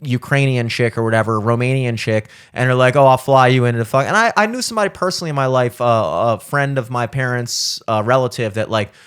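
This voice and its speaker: A man's voice: mid-range voice, lively intonation, brisk, few pauses, a bit bright, clean tone. Young man, podcast host, casual chat, rambling, swears a lot, filler-heavy.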